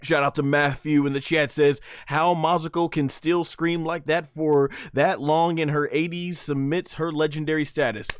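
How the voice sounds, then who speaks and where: A man hosting a podcast, giving an excited play-by-play review of an anime episode, shouting and laughing along with the action. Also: high-pitched, no room sound, clean studio sound. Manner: hypes the action, shouts and laughs at big moments.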